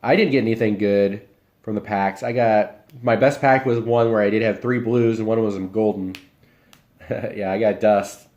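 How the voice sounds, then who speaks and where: Easygoing streamer, lowish voice. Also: male voice, measured pace, muffled recording. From Iowa, US. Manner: relaxed, rambling, talks while eating. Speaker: live streamer. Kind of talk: casual chat reading viewer comments.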